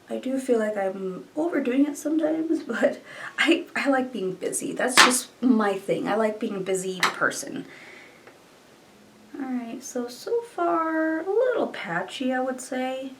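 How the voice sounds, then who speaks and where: A woman's voice: fairly high pitch, lively intonation, unhurried, distant mic, a little hiss or hum, rough recording. A young woman chatting casually through a makeup tutorial, thinking aloud and trailing off. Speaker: beauty vlogger.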